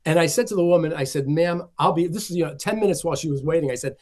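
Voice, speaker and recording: A man's voice: a little high, racing, darkish tone. A man, a film collector being interviewed, telling stories and acting out the voices of the people he quotes. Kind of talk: conversational storytelling.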